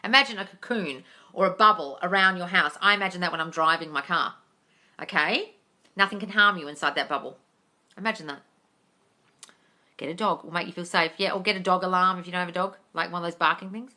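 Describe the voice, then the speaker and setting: Blunt, sweary woman with a low, bright voice. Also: a little fast. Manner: affectionate asides to viewers. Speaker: manifestation coach. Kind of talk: livestream Q&A, answering viewer questions.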